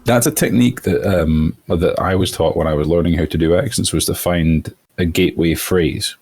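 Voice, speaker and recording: A man's voice: extremely low pitch, a little mellow, breathy edge. A man who works as a voice actor, explaining his craft thoughtfully in a casual interview.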